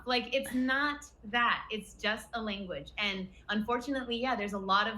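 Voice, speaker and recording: A woman from the States talks in a relaxed roundtable, her voice bright and forward. She tells her stories with animated energy. A faint background noise sits under her voice. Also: a little high, normal speed, low-quality recording. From United States. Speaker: guest YouTuber. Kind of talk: casual roundtable chat.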